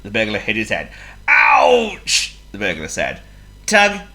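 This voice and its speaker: A woman reading a children's story aloud, expressive and playful, asking the listener questions. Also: extremely low pitch, quick pace.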